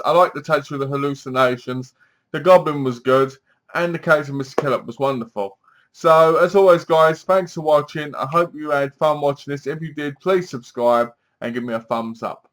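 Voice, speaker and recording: A man's voice: on the high side, normal speed, fairly bright tone. A man giving a casual spoken review of a TV episode, chatty and leaning on "basically" as he recaps. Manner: chatty, keeps saying "basically".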